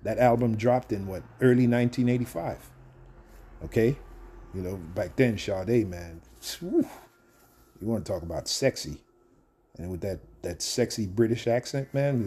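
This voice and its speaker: A man's voice: fairly low pitch, warm tone, a little hiss or hum. A man in his fifties ranting to camera in a combative, rambling way, with frequent stammered restarts as he talks through a video. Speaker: video commentator. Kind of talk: casual rant to camera.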